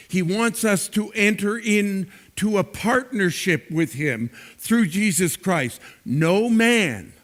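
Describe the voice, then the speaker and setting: Slow, high-voiced male preacher. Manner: slow, emphatic preaching with repeated words. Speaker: pastor. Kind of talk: sermon.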